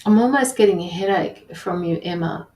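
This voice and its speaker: A woman working as a tarot reader and medium, relaying messages in an earnest, halting way with many restarts. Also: lowish voice, a little mellow, echoey room, slight background noise, poor audio. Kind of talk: live intuitive reading.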